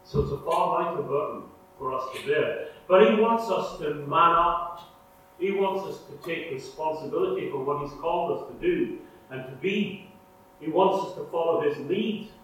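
A man preaching a sermon in an earnest way, swinging between loud emphasis and hushed, prayerful lines. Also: on the high side. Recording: echoey room, mic far off, faint hum.

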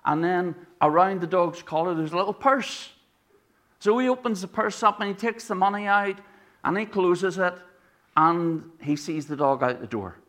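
An Irish man preaching with a slightly higher-pitched voice. He keeps the sermon conversational, weaving in a told joke and asking his listeners questions. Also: moderate pace, fairly bright tone. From Ireland.

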